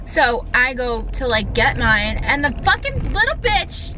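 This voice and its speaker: Young woman vlogging while driving, kinda high voice, dramatic storytelling, swears a lot, phone cam, loud car noise. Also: sing-song, a little slow. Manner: chatty, dramatic storyteller who swears freely. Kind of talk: casual vlog chat. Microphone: phone camera mounted in the car.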